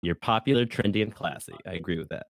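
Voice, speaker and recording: A man's voice: sits low, fast, dry recording. A young man co-hosting a casual chat podcast, laid-back and jokey with short replies. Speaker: podcast co-host.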